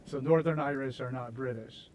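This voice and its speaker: A man's voice: medium pitch, a little mellow, slight background noise, poor audio. American male streamer, casual rambling chat, self-deprecating humor. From United States. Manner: rambling, self-mocking, laughs at his own jokes. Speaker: streamer host. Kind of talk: casual chat while building in a game.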